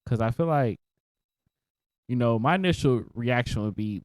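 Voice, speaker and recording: A man co-hosting a casual podcast, relaxed and quick to laugh, with a mid-range voice. He sounds close to the mic in a dry, dead room with no echo. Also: medium pitch. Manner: laid-back, laughing, swearing casually. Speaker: podcast co-host. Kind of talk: casual chat.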